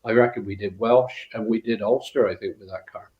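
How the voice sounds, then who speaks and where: A man's voice: on the low side, steady tone, a little fast. Older West Country man telling rally stories. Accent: West Country English. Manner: rambling, full of fillers and restarts. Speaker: guest, former rally co-driver. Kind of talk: anecdotal interview storytelling. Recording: roomy, dull lo-fi sound.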